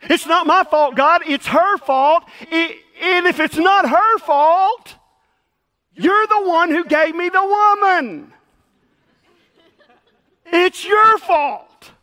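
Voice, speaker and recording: A man's voice: extremely high pitch, voice pushed up, full character voice. A man voicing Adam as a whiny, pleading man who blames everyone else, stretching out his words. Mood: whining. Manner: loud, drawn-out, pleading blame-shifting. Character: whiny excuse-making Adam, first man.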